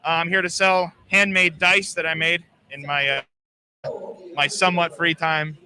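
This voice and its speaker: A man's voice: on the high side, little pitch movement, moderate pace, crowd noise. A man who works as a voice actor, chatting in a laid-back, easygoing way as a guest on a live interview at a gaming expo. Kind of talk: casual interview chat.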